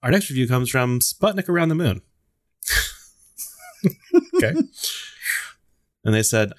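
A man's voice: medium pitch, expressive, a little slow, long pauses. A man co-hosting a podcast in casual chat, reading listener reviews and adding wry, dry asides. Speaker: podcast co-host.

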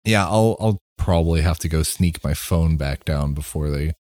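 A man playing a tabletop game, animated, laughing often and swearing. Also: extremely low pitch, normal speed, no echo, studio quality. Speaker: player. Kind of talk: tabletop role-play chat.

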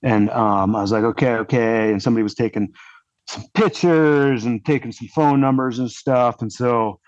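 A man's voice: mid-range voice, normal speed, no room sound. A man, a podcast guest, telling his story casually and rambling, with lots of "like" fillers. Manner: rambling, heavy use of "like" fillers. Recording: dull lo-fi dry audio.

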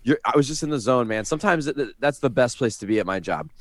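A man co-hosting a casual podcast, swearing freely and joking in excitable banter. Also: medium pitch, fast talker, dry recording. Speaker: podcast co-host. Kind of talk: casual chat.

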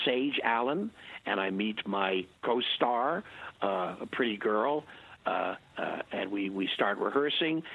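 An older man with a husky voice tells rambling stories, full of restarts, little chuckles and acted-out asides. The sound is dull and lo-fi, as if from a modest recording. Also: fairly low pitch. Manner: halting, many restarts, chuckles. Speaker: interview guest. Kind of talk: rambling anecdotal conversation.

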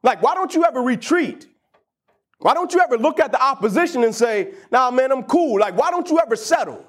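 A man's voice: very high-pitched, lively intonation, fairly quick, breathy edge, heavily acted. A man playing an anxious young soldier who hesitates and rambles with questions. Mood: worried.

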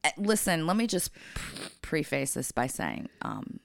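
A woman's voice: deep voice, expressive, a little slow, gravelly. A woman co-hosting a casual podcast, telling a blunt, profane story from her work. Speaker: podcast co-host.

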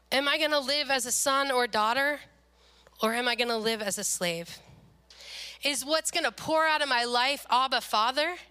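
Woman, middle-aged, high voice, preaching, animated storyteller. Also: clean tone. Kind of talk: sermon with personal storytelling.

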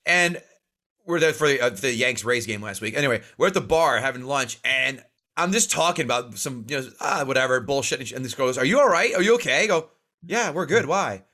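A man with a North Jersey accent telling animated stories in casual chat as a podcast host. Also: medium pitch. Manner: fast, animated storytelling with swearing.

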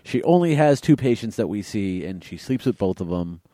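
A man's voice: fairly low pitch, very animated, moderate pace, dark tone, dry recording. A man from Massachusetts co-hosting a casual movie podcast, thoughtful and dry-humored. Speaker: podcast co-host.

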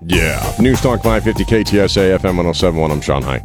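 A man's voice: low-pitched, animated, fast talker, over music. A man hosting a talk radio show, rambling casually with many restarts and an irreverent streak. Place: radio studio. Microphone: studio mic.

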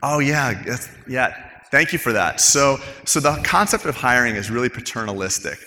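Bright-voiced man in a reverberant hall. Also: mid-range voice, moderate pace, a little hiss or hum. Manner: animated storytelling, acts out coworkers' quotes. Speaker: dental practice owner, panel speaker. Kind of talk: casual panel talk.

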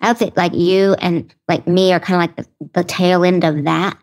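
A woman guest on a podcast, chatting casually and telling animated stories. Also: on the low side, moderate pace. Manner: animated storyteller, acts out others' lines. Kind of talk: casual conversation.

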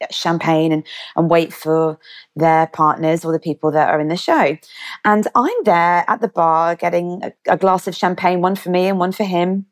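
A woman, a guest vividly retelling a personal story and acting out the dialogue. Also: on the low side. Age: 30s. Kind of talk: storytelling in an interview.

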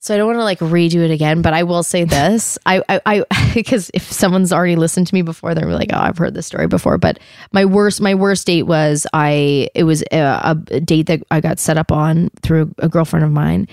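A middle-aged woman from Canada talks casually as an interview guest. Her voice is low with a gravelly edge, recorded close and dry. She rambles and swears lightly, laughing as she goes. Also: fairly even intonation, moderate pace, darkish tone, dry recording. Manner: chatty, swears casually, laughs often, acts out quotes.

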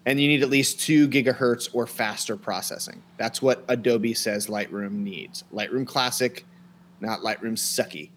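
A man's voice: mid-range voice, normal speed, fairly bright tone, slight background noise. A man co-hosting a photography podcast in casual, joking chat, teasing his partner. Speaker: podcast co-host.

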